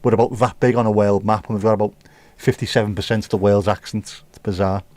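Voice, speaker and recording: Speaking quickly in a fairly even, darkish voice pitched on the low side, this British livestream host reads out viewer comments and riffs on them. He's casual, opinionated and mildly profane, and there's no echo.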